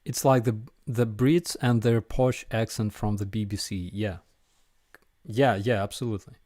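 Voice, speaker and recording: A man's voice: lowish voice, fairly even intonation, normal speed, darkish tone, dry recording, studio quality. A man with a Ukrainian accent hosting a casual live viewer Q&A, hesitant with many fillers and restarts.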